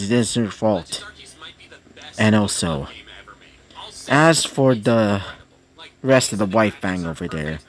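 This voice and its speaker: A man's voice: sits high, no echo. A young man casually narrating a fan crossover story, rambling with frequent fillers. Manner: rambling, many fillers like "you know".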